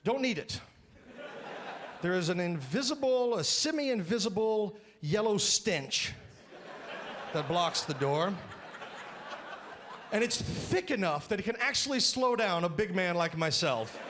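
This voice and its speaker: Loud high-pitched stand-up comedian man. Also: expressive, unhurried, long pauses. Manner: loud, exaggerated, often shouting punchlines. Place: live comedy stage with audience. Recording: live stage mic, crowd laughter and noise. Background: audience laughing.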